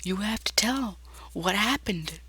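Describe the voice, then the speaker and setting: A man voicing an eerie female puppet animatronic in a high, whispery, menacing voice. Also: expressive, measured pace, sharp tone, full character voice.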